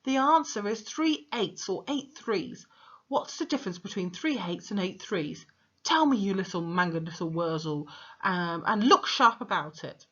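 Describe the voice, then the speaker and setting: A woman voicing a brutal, bullying headmistress who shouts insults, on a dull lo-fi recording. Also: mid-range voice, lively intonation, normal speed, husky. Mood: furious.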